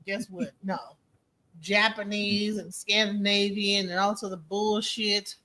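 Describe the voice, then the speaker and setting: Bright-voiced, profane young woman. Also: medium pitch, level tone, unhurried. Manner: profane, rambling, joking. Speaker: host. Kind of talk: casual live-stream chat.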